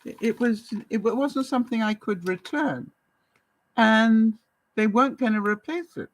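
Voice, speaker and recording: A woman's voice: on the high side, moderate pace, poor audio. Chatty woman vlogger. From Canada. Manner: animated, chatty, laughs often while telling stories. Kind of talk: casual storytelling to camera.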